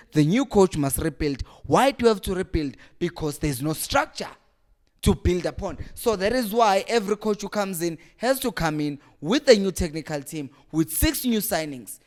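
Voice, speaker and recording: Exasperated man ranting. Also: high voice. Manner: exasperated, rhetorical questions, rising emphasis. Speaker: fan channel host. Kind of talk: passionate fan rant to camera.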